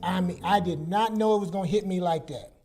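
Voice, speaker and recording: A man's voice: sits high, a little fast. A man in his sixties, a guest psychologist, telling personal stories in casual chat and acting out the lines he quotes. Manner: animated storyteller, acts out quoted dialogue.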